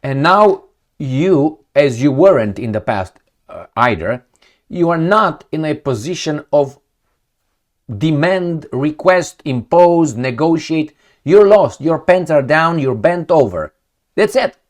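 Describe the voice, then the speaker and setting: A man's voice: on the high side, slow. A man giving blunt, sarcastic political commentary, mocking and jabbing, then dropping into muttered asides. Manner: animated, swings between loud jabs and muttered asides. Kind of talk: casual commentary vlog.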